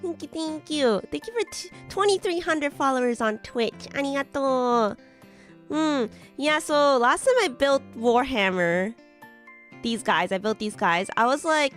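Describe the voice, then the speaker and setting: A young adult woman streamer, a bit hoarse from being sick, chatting with viewers while building models, giggly and full of filler words. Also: high voice, lively intonation, moderate pace, fairly bright tone, faint music behind.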